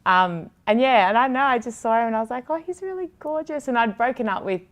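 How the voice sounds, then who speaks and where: A woman in her thirties with an Australian accent speaks quickly in a fairly bright, higher voice. A TV presenter appearing as an interview guest, she chats in a rambling way packed with fillers and restarts.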